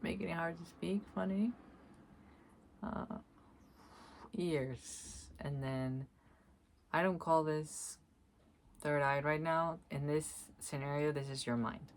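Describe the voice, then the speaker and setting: A woman vlogging alone, speaking softly and reflectively, often pausing to search for words and breaking into laughter. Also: deep voice, steady tone, slight background noise. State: tearful at times. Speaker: spiritual vlogger. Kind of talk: slow reflective monologue, energy reading.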